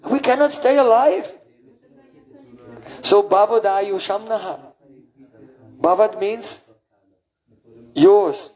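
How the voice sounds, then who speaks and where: A man giving a spiritual lecture on scripture. He chants verses slowly and often pauses to ask his listeners "hmm?". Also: very high voice, expressive, darkish tone, low-quality recording. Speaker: spiritual teacher.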